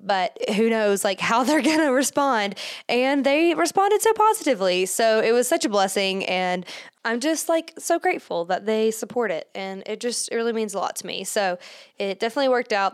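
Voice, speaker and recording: A woman hosting her own podcast in a loose, chatty monologue, her voice smooth and clear. She sounds slightly out of breath and keeps circling back with fillers and restarts. Her pitch sits in an ordinary middle range. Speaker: podcast host. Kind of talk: casual solo podcast monologue.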